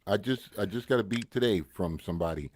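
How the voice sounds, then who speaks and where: Low-voiced laid-back male rapper co-host. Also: a little fast, darkish tone. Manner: laid-back, swears, many "you know what I mean". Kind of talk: casual podcast chat.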